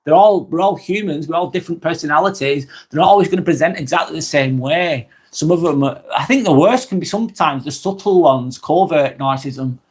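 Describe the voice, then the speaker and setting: Blunt, sweary man, higher-pitched. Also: brisk, few pauses, breathy edge. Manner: blunt and expressive, swears freely, acts out quoted abusers. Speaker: live vlog host. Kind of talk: live stream talk reading chat comments.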